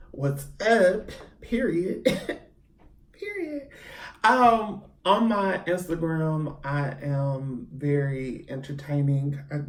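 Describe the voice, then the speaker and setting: A man talking to camera in a casual storytime vlog, chatty and theatrical, hyping himself up with lots of ums. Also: fairly high pitch. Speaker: YouTuber. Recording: echoey room, mic at a distance.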